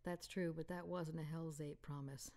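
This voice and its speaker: A woman voicing a steady, teasing frontier cowboy with a soft drawl. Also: deep voice, normal speed.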